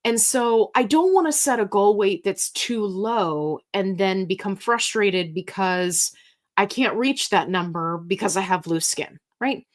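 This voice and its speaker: A woman hosts a casual livestream Q&A in a frank, chatty way. She reads viewer comments aloud and responds to them. Her delivery is slow and unhurried, with a voice pitched in the middle for a woman. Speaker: livestream host answering viewer questions. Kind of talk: casual live Q&A chat.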